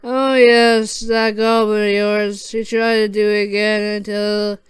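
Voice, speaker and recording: A reader voicing a sly, smiling male leprechaun with a mellow Scottish accent in a fan audio story. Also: medium pitch, little pitch movement, clean tone, no echo, natural voice. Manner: slow, mumbling.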